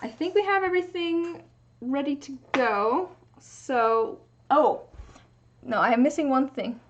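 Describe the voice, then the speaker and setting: In a muffled recording, a young woman from the US Pacific Northwest speaks in a high voice at a measured pace. She's streaming from her home craft workspace while making resin dice, chatting casually and thinking aloud.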